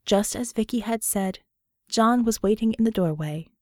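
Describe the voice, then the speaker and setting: A woman narrating an audiobook in a wry, even storytelling manner. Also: on the high side, normal speed, no echo, clean studio sound. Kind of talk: scripted narration.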